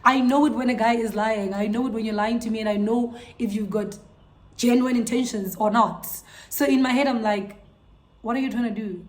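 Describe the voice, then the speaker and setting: A young woman, telling a storytime vlog to her viewers in an animated, incredulous way. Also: a little high, moderate pace. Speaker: vlogger. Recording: echoey room.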